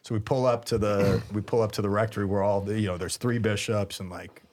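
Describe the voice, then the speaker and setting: A man in his thirties, a priest and podcast co-host, telling a story in a lively, laughing way. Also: fairly low pitch, fairly quick. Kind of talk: casual storytelling chat.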